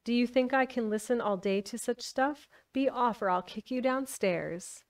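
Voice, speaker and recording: A woman's voice: fairly high pitch, normal speed, far from the mic, natural voice. A woman voicing a cheeky, boastful old father with a sing-song rhyming delivery.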